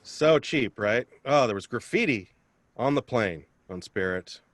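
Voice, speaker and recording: Lively self-mocking male stand-up comic. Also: mid-range voice, unhurried, no echo. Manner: self-deprecating, chatty crowd work. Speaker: stand-up comedian. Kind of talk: live stand-up set over video call. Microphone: video call.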